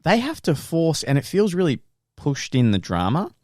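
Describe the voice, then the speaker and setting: A young man co-hosting a podcast, telling stories in an animated way, laughing and swearing casually. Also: a little high, moderate pace, no echo, studio quality. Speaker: podcast co-host. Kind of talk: casual chat.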